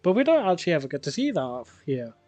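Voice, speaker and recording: A man's voice: fairly high pitch, sing-song, quick pace, darkish tone, dry recording, faint music behind. A man chatting casually and swearing offhandedly while playing a game. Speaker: gaming streamer. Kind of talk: casual gameplay commentary.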